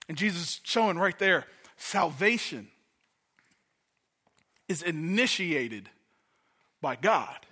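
A man's voice: a little high, expressive, slow pace, long pauses, pushed and bright, slightly rough. A man from Detroit preaching a sermon as a guest pastor, in a conversational way, often repeating words as he starts a thought. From Detroit, USA.

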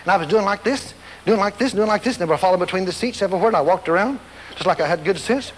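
A man's voice: sits high, fast, long reverb tail, a little hiss or hum. A man preaching a storytelling sermon, acting out scenes and voices and laughing along as he goes.

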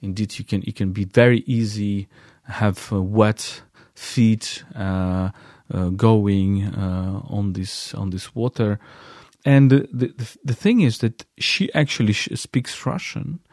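Hesitant low-voiced man recounting a visit. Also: takes it slowly, a little mellow, no echo, studio quality. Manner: hesitant, many fillers and restarts. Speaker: guest recounting a field visit. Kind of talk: halting spoken account.

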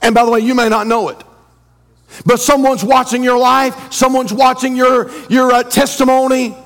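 A pastor preaching a fervent sermon, reading old-style scripture and building to shouted refrains. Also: male voice, very high voice, flat delivery, moderate pace. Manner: reads scripture in King James wording.

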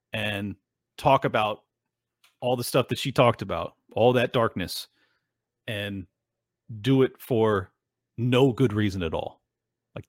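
Speaking in a mid-range voice, a show host addresses his viewers in a casual, rambling monologue that's earnest, emotional, and full of fillers. The sound is clean studio audio with no room sound.

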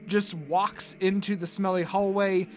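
A man narrating a tabletop game as game master, halting and full of fillers. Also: high-pitched, level tone.

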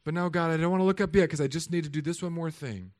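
A whining believer begs God for one more thing as a man acts it out. The voice is raised and pleading, and it runs somewhat high. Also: quick pace, darkish tone, lightly acted. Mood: whiny.

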